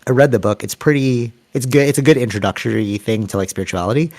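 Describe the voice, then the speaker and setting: A Canadian man co-hosts a podcast, speaking fast at medium pitch. In casual chat he tells rambling, animated stories, acting out what people said.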